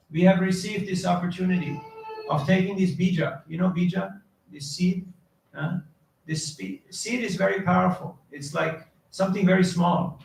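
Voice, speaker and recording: Male preacher, raised pitch, gravelly, quizzes the crowd; roomy hall sound with faint noise. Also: fairly bright tone. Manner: questions the audience, quotes Sanskrit verses. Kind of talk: devotional lecture. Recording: echoey hall, distant mic, faint noise.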